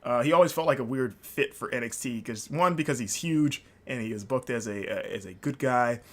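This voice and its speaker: A man hosting a solo podcast, talking casually at a middle pitch. He rambles and restarts often, with plenty of fillers, and he sounds openly enthusiastic. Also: a little fast. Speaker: podcast host.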